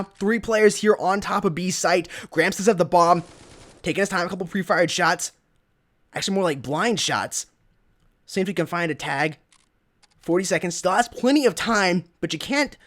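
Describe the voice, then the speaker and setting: A young American man casting a live shooter match, getting louder on big plays and chatting between rounds to thank donors. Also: sits high. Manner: excitable, rising to shouts on big plays. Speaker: esports caster. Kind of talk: live game commentary.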